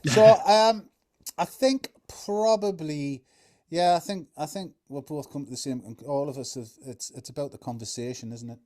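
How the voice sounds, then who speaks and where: Rambling Geordie man, halting storyteller. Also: on the high side, warm tone. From North East England. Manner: rambling, halting storyteller full of "you know". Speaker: co-host. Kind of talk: casual chat.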